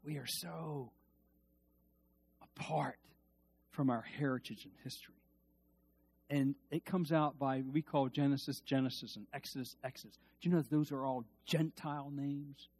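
A man preaching a sermon in a conversational way, swinging from quiet asides to loud, emphatic peaks, with restarts and repeated words. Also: on the high side, fairly even intonation, unhurried, vocal fry, long pauses, husky.

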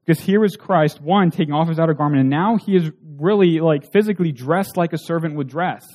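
A man's voice: on the high side, brisk, a little mellow. A man preaching a sermon in an earnest way, asking rhetorical questions.

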